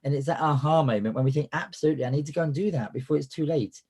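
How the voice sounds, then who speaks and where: A man's voice: a little high, racing, darkish tone, husky. A man with a cold and a cough, hosting a business coaching webinar in a chatty style full of fillers and restarts. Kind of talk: live webinar presentation.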